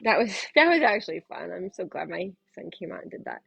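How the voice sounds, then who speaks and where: A woman's voice: on the low side, big pitch swings, fast, vocal fry, a bit bright, slightly rough, dry recording, lo-fi sound. A woman who reads tarot, chatting casually and loosely on a livestream from home and laughing often. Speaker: tarot reader.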